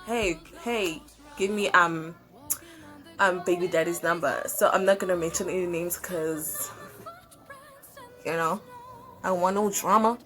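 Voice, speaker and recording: Animated South African woman telling a story. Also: lowish voice, unhurried, pauses often, faint music behind. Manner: animated, swearing, hesitant fillers. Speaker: YouTuber. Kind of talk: casual storytime.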